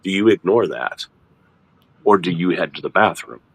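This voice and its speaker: A middle-aged man hosting a casual ministry chat, explaining in a lively, halting way with frequent restarts. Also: breathy edge, no echo. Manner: animated, repeats and restarts words, jumps into high mock voices. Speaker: ministry host.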